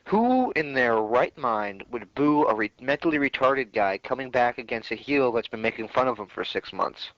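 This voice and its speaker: A man's voice: mid-range voice, animated, moderate pace, few pauses, fairly bright tone, no echo. A man co-hosting a wrestling podcast, rambling through opinionated stories in casual chat. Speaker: podcast co-host. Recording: dull lo-fi podcast audio.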